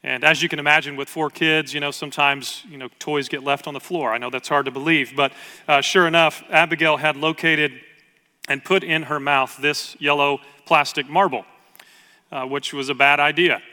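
A man in his thirties, a pastor telling a family story in a conversational sermon with emphatic pauses. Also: on the high side, steady tone, bright, forceful tone. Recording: long reverb of a church hall.

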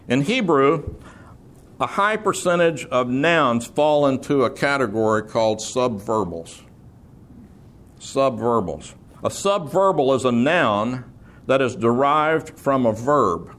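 A man's voice: medium pitch, animated, measured pace, a bit bright. A man preaching an expository sermon, explaining terms patiently, repeating key words and slipping in dry humor. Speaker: preacher teaching scripture.

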